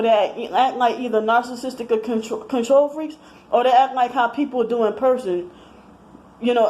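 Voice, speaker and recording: A woman's voice: on the high side, a little mellow, poor audio. A woman in her thirties talking in a rambling personal monologue, slightly out of breath, with many restarts and fillers. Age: 30s. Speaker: vlogger.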